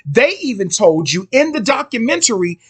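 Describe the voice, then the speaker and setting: A man's voice: very high-pitched, big pitch swings, normal speed, a bit bright, slightly rough. A middle-aged man hosting a casual, rambling commentary monologue, full of slangy asides. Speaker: host.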